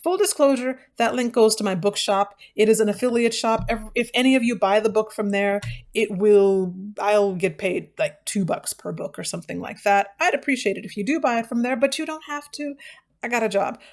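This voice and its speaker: A woman's voice: mid-range voice, brisk. A woman hosting a book channel, chatting casually to camera, tired and self-mocking. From United States.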